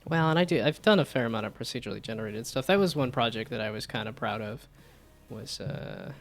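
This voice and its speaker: A man streaming live, talking through his game projects in a loose, rambling way. He often restarts his sentences and pokes fun at his own work. His voice sits at a medium pitch, with faint music playing behind him. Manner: rambling, self-deprecating, frequent restarts. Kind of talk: casual live-stream chat.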